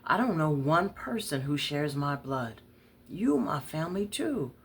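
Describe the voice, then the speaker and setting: A woman's voice: low voice, sing-song, measured pace, slight background noise, full character voice. A woman storyteller voicing a hardened woman in her thirties on the run, talking bluntly in street slang. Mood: resigned. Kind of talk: dramatic story reading.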